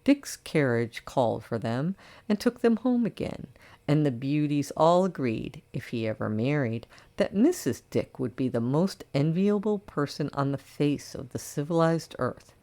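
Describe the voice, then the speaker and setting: A woman narrating a classic short story for an audiobook in a measured, expressive way. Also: deep voice.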